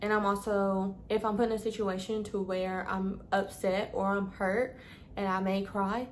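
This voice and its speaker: A woman's voice: medium pitch, little pitch movement, normal speed, a little hiss or hum. A woman vlogger giving casual advice, chatty, calling her listeners "babes" and stumbling over long words. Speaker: lifestyle vlogger.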